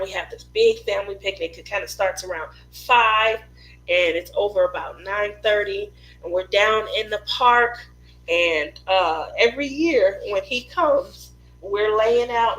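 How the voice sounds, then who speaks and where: A woman's voice: medium pitch, fairly bright tone, poor audio. A woman who hosts a craft live stream, telling family stories in a chatty way and laughing often. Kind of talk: casual storytelling chat.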